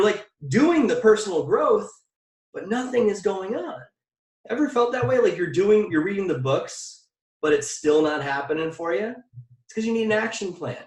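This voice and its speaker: A man coaching a motivational workshop, full of energy and firing questions at his listeners. His voice sits a little high for a man and sounds a bit set back from the mic. The room around him rings with echo. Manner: energetic, asks the audience direct questions; drills phrases by repetition. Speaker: mindset coach. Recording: echoey room, distant mic.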